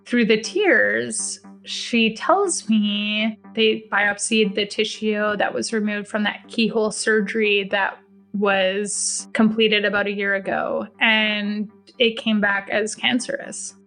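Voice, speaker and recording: A woman's voice: mid-range voice, steady tone, slow, fairly bright tone, faint music behind. A woman telling her own story on a podcast, blunt and profane, acting out the dialogue with emphasis. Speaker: podcast guest sharing a personal story. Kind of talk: first-person storytelling.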